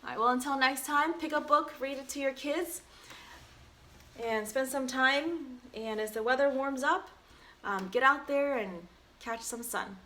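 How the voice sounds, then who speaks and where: Bright-voiced mom giving parenting tips. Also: female voice, high-pitched, unhurried. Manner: chatty, warm baby talk with playful sing-song. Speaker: doctor and mother reading picture books. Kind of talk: casual read-aloud with parenting tips.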